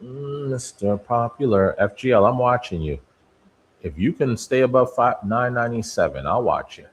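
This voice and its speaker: This man hosts a live day-trading stream, keeping up a running market commentary and addressing the stocks on his watchlist as if they were people, musing and bantering with them. His voice is medium in pitch and animated, and he speaks at a normal speed.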